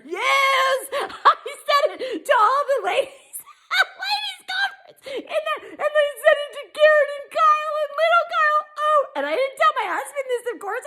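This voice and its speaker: A middle-aged woman, a pastor's wife leading a women's Bible study, telling a story casually to viewers, animated and laughing often at herself. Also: extremely high pitch.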